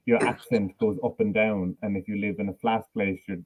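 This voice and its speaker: A man's voice: on the low side, fairly even intonation, fairly quick, rough recording. An Irish man hosting a podcast, talking in an easygoing way and asking the guest questions. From Ireland. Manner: easygoing, laughs between remarks. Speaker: podcast host. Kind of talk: casual interview chat.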